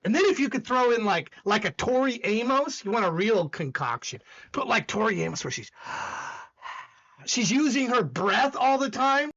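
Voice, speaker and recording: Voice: mid-range voice, very animated, measured pace, a bit bright, lo-fi sound. A live-stream music show host chatting casually while reviewing songs, gushing and rambling with many restarts.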